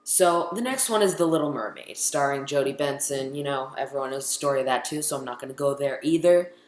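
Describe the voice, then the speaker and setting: A man's voice: mid-range voice, fairly quick. A teenage boy vlogging casually, rambling and chatty, full of ums as he counts down his favorite movies. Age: teens. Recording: echoey room.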